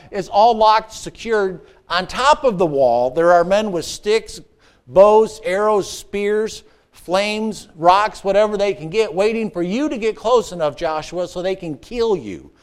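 A man preaching a sermon, with playful asides, call-and-response questions, and swings between excited shouts and hushed, earnest passages. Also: high voice, unhurried. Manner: rises to excited shouts, drops to hushed tones. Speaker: pastor.

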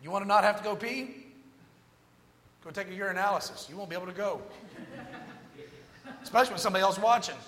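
A man's voice: high voice, fast, pauses often, crowd noise. A man telling a humorous personal story as part of a sermon, jumping between jokes and moral lessons. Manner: animated, joking anecdotes with moral lessons. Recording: long reverb of a large hall.

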